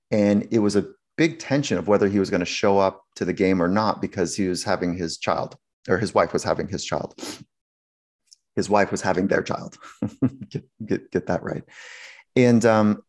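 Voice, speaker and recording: Gravelly low-voiced man telling stories. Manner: animated, acts out quoted voices, laughs often. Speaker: sports psychologist guest. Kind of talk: anecdotal storytelling in conversation.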